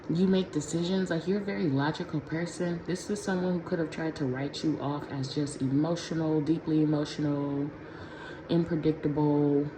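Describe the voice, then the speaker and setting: A woman doing a casual pick-a-pile tarot reading for her viewers, talking in a slangy, profane, conversational way from a room at home. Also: sits low. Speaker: tarot reader. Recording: echoey room with clear background noise.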